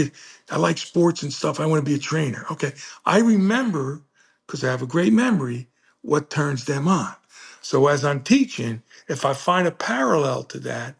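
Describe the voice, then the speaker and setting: A man's voice: creaky, husky. An older man, a teacher and coach, telling classroom stories and acting out the dialogue in a jokey way. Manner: acts out dialogue with jumpy pitch, jokey. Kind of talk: animated storytelling.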